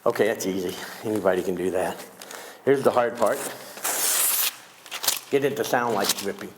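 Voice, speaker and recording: A man's voice: on the low side, normal speed, noisy background. A man performing comedic magic on a school stage, teasing his young volunteers with wisecracks. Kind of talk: comedic magic show patter.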